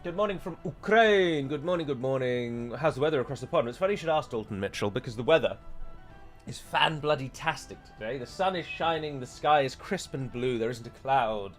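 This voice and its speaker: A British man streams a strategy game live, chatting to viewers in a mid-pitched voice. He slips into grand, mock-heroic declarations between casual asides. Soft music plays faintly underneath. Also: animated, a little fast. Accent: British English. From United Kingdom. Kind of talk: live gameplay commentary.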